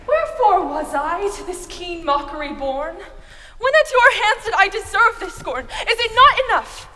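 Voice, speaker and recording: A woman's voice: extremely high pitch, sing-song, moderate pace, sharp tone, a little hiss or hum, full character voice. A woman playing a tearful lovesick young woman. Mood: indignant. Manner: breathy, tearful, theatrical pleading. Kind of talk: Shakespeare stage acting. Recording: long hall reverb.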